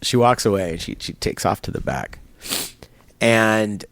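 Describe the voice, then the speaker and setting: A middle-aged man telling a long personal story in an interview at a barbershop, halting and rambling, acting out the people he quotes. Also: fairly low pitch, expressive, gravelly, a bit bright, no room sound. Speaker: guest.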